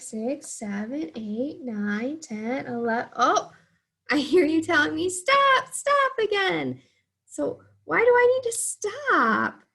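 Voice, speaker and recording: A woman's voice: fairly high pitch, creaky, slightly rough. A young woman teaching a math lesson to small children, counting aloud in an encouraging, sing-song way.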